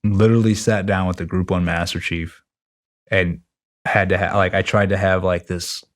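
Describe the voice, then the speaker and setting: A middle-aged man telling a story as a podcast guest, blunt and animated, acting out other people's lines. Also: deep voice, moderate pace. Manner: animated, acts out quoted dialogue; blunt, lightly profane. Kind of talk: casual storytelling.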